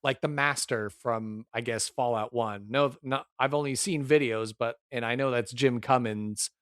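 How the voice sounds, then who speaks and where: A man's voice: mid-range voice, moderate pace, fairly bright tone, clear, resonant tone, dry recording, studio quality. A man running a tabletop game, chatting casually and rambling with many fillers as he brainstorms a character. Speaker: game master.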